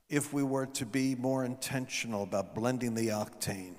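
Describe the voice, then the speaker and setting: A man in his fifties preaches at a revival event in a big indoor venue. He speaks in an ordinary middle register, dropping low for asides and rising on his main points. His voice rings with the long echo of a large hall. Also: normal speed, few pauses. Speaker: guest preacher. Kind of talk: revival sermon.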